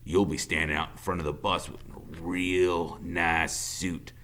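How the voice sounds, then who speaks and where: A man voicing a cold, volatile convict father who drawls low and then barks loud threats. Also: little pitch movement, a little slow, slight background noise. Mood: menacing.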